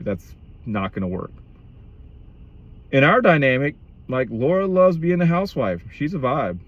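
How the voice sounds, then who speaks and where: A man's voice: fairly high pitch, big pitch swings, moderate pace, highs cut off. A man in his thirties speaking candidly about marriage in a reflective monologue, blunt and profane, often restarting his sentences.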